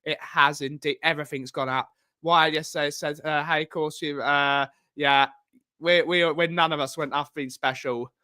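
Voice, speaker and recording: Clear and resonant, a little high, this Englishman's voice stays steady at normal speed with a pushed, bright quality. He's hosting a laid-back livestream at home, rambling through chat comments and greeting viewers with lots of repeated phrases.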